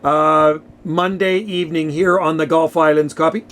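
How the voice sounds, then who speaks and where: A man's voice: fairly high pitch, fairly even intonation, moderate pace, fairly bright tone. A man chatting casually over ham radio from his home radio shack, friendly and full of radio lingo. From Canada. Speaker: radio operator.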